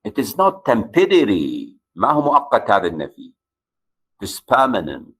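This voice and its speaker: A man's voice: lowish voice, huge pitch swings, fast, fairly bright tone, slightly rough, low-quality recording. A man with an Arabic accent, a native Arabic speaker, giving a university grammar lecture and stressing key words as he explains.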